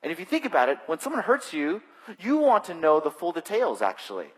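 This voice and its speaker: A male pastor preaching a sermon in a conversational, animated way with touches of self-deprecating humor, speaking into a stage microphone in a church. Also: on the high side, fairly quick, husky. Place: church sanctuary. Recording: long hall reverb.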